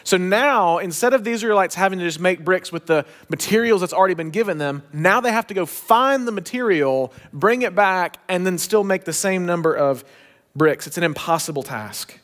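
A pastor preaching a sermon, telling a story with emphatic, shifting pace. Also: male voice, high-pitched, expressive, normal speed, fairly bright tone.

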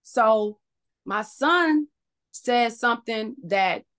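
A woman guest on a podcast, telling a painful personal story in an emotional, halting way, full of restarts. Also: a little high, lively intonation, fairly bright tone.

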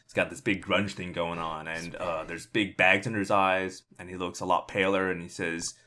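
A man casually narrating a comic movie pitch, rambling with lots of fillers. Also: little pitch movement, moderate pace, pushed and bright. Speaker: podcast co-host pitching a movie. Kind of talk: casual comedic storytelling.

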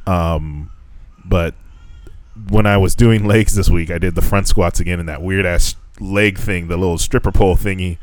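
A man's voice: moderate pace, no echo. A man co-hosting a casual podcast chat, rambling and swearing a lot, his voice jumping up when he gets worked up. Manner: heavy swearing, rambling with restarts; animated, voice jumps high when telling stories. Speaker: podcast co-host. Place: living in Japan.

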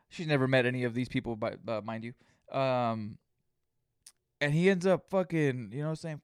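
A man's voice: mid-range voice, normal speed, clear, resonant tone, dry recording, clean studio sound. A man hosting a solo podcast, telling rambling stories with plenty of swearing. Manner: rambling storytelling, heavy swearing. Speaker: podcast host. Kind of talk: casual solo podcast monologue.

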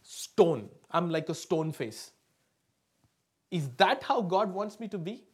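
A man preaching with an emphatic pulpit delivery, his voice sitting a little above the usual male pitch. He keeps checking in with the congregation and calling for replies, then drops into quiet asides before pushing loud again. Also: expressive, a little slow, slightly rough. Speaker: pastor. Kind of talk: sermon to a live congregation.

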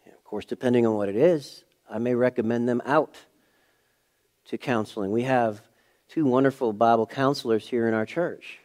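A middle-aged pastor, male, speaks in a mid-range voice at a moderate pace as he preaches in church. His personal story alternates between hushed passages and raised, emphatic ones.

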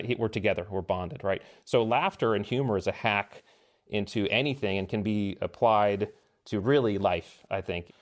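Animated storytelling man, low voice. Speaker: podcast guest, former Navy SEAL. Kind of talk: casual storytelling conversation.

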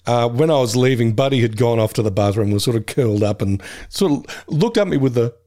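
A man's voice: medium pitch, fairly quick, warm tone. A man chatting casually as a podcast co-host, rambling with fillers and frequent laughter. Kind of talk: casual chat.

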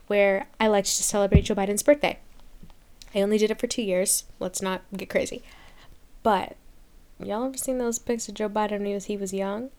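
A young woman with a somewhat high voice rants to her podcast listeners in a sarcastic, fed-up tone. She talks casually and laughs often. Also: darkish tone. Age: 20s. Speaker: podcast host. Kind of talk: casual comedic rant.

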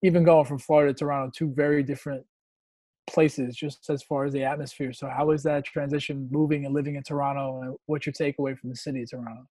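A man hosting a podcast, chatting in a relaxed, conversational way over a video call. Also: medium pitch, quick pace, dry recording. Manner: relaxed, conversational, trails off into fillers. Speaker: podcast host. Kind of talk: casual chat.

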